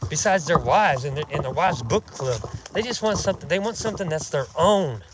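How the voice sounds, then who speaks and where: A man's voice: a little high, lively intonation, fairly quick, noisy background. A man hosting an outdoors channel, delivering a profane, mocking, indignant rant while out in the woods. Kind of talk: casual ranting vlog.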